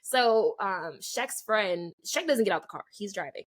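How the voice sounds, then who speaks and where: A woman's voice: mid-range voice, measured pace. A young adult woman co-hosting a podcast, telling a story in casual chat, acting out the dialogue and filling it with "like". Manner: animated, acts out quoted dialogue, many "like" fillers. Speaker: podcast co-host.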